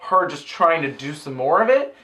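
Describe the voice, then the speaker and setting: A man's voice: fairly high pitch, big pitch swings, moderate pace, pushed and bright. A man co-hosting a casual podcast, chiming in with short, dry, agreeable replies. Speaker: podcast co-host. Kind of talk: casual chat.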